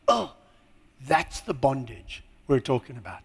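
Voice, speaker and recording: A man preaching in a church hall, his voice sitting high and swinging widely in pitch. He pushes hard on key words, then sinks to a near hush. A long reverb trails after each phrase. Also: unhurried. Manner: lively preaching with sudden drops to a hush. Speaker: pastor. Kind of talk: sermon.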